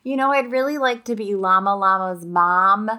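A woman's voice: medium pitch, moderate pace, noisy background. A woman in her thirties, a podcast co-host, chatting casually and candidly, swearing freely and laughing often. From upstate New York. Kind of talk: casual chat.

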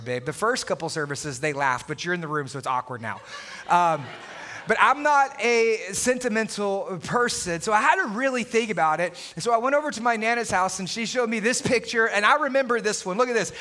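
A male pastor in his thirties preaching a lively, playful sermon to his congregation in a church, on a body mic. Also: high-pitched. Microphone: wireless body mic.

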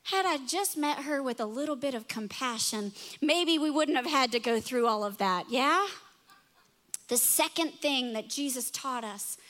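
A woman in her thirties preaching a sermon, telling stories with lively acted-out voices. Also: high voice. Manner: animated storytelling, acting out voices in quotes. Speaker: pastor.

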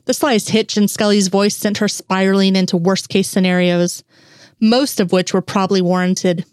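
A woman reading fan fiction aloud in a steady storytelling voice at a middle pitch. She is close to the mic. The sound is dry with no room in it. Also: moderate pace, clean tone, no room sound. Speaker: reader.

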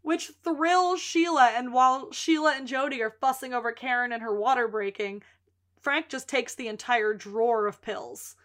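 A woman co-hosts a casual podcast, recapping a series. Her voice sits a touch high and rings bright and sharp. She acts out each character's lines with lively storytelling. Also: moderate pace. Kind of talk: casual chat.

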